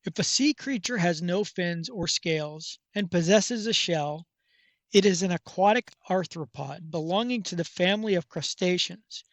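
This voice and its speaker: A man giving scripted documentary narration in a measured, even reading. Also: high-pitched, no echo.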